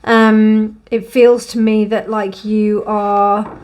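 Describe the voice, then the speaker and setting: A young woman gives a casual, gently emotional tarot card reading in a warm, reassuring way. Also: medium pitch, level tone, takes it slowly. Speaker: tarot reader.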